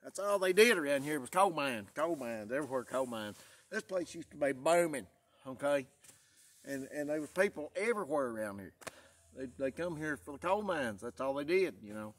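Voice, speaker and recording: A man's voice: on the high side, expressive, normal speed. A man, chatting in a folksy, rambling way for his vlog while out in the woods, tired after a long day. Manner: folksy, rambling, repeats himself. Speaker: vlogger. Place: outdoors in the woods.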